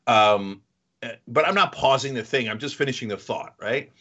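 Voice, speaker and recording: A man's voice: medium pitch, normal speed, dull audio. A man co-hosting a podcast, chatting casually and telling a comic story, acting out the other people's lines. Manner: animated storytelling with acted-out quotes. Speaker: podcast co-host. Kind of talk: casual comedic chat.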